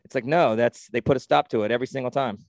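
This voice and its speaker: A man co-hosting a podcast in casual sports chat, rambling and excitable with lots of swearing and restarts. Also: mid-range voice, rapid-fire, dry recording. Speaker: podcast co-host.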